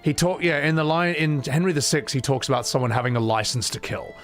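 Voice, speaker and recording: A man's voice: fairly high pitch, steady tone, fast talker, a bit bright, faint music behind. A man chatting casually on a live stream, opinionated and sweary, with frequent asides.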